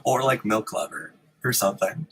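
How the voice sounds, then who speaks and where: A man's voice: on the low side, expressive, moderate pace, a bit bright, breathy edge, poor audio. A man hosting a live stream in casual chat, giggling often and rambling with frequent ums, in a room with a fan running. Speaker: host of a live-streamed show.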